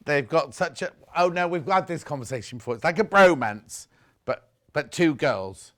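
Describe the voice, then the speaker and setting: A man's voice: on the high side, animated, normal speed, fairly bright tone. A man presenting fabrics on a live shopping channel, chatting and joking casually and reading out viewer messages. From United Kingdom. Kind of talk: casual live sales chat.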